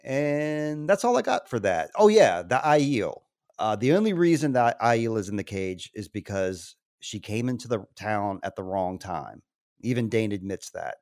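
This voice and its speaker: Guy rambling thru a tv recap, laughs a lot, lowish voice, dry close sound. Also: big pitch swings, unhurried, darkish tone, no echo. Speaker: podcast co-host. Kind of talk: casual recap chat.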